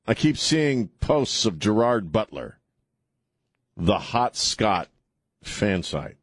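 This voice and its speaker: A middle-aged man hosts a call-in radio show from the studio, his fairly low voice slightly rough. The sound is clean with no echo, and his casual talk radio monologue is rambling and sarcastic as he keeps restarting sentences.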